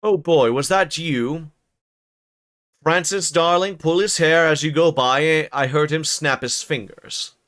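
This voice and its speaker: A man's voice: on the high side, takes it slowly, fairly bright tone. A man doing a mocking household tyrant. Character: bullying young male tyrant of the house.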